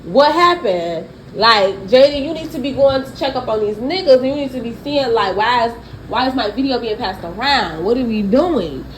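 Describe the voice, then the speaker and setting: A young woman, giving blunt, profane, animated celebrity gossip commentary. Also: fairly high pitch, normal speed, slight background noise, rough recording.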